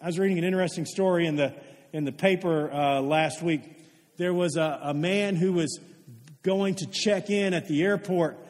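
A man with a notably high voice delivers a sermon, telling stories with earnestness and putting questions to the listeners. His words ring out with a long reverb trailing after them, like a large church sanctuary. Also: moderate pace, a little mellow. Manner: earnest storytelling, asks the congregation questions. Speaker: pastor. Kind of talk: sermon with storytelling.

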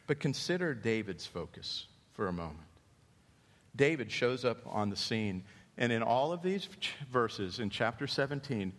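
A man preaching a sermon as a pastor, animated and storytelling, dropping to hushed tones and rising again. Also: medium pitch. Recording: long hall reverb.

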